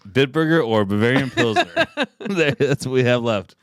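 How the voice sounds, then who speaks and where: A man's voice: mid-range voice, very animated, moderate pace, no echo, clean studio sound. A man co-hosting a podcast in casual chat, joking and swearing freely. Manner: swearing, joking, loose banter. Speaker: podcast co-host.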